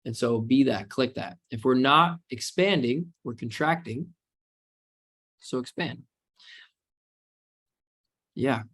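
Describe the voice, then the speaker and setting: A man's voice: medium pitch, slow pace, pauses often, fairly bright tone, husky. This is a man in the middle of a live webinar, talking to his viewers as a trading coach. His delivery is casual and meandering, with frequent "you know"s. He keeps drifting into spiritual, motivational musings. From United States.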